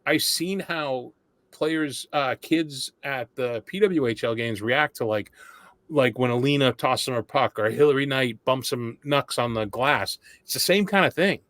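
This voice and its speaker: Chatty podcast host, dry sound. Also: male voice, medium pitch, a little slow, a bit bright, dry recording. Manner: chatty, self-deprecating storyteller. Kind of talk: casual interview chat.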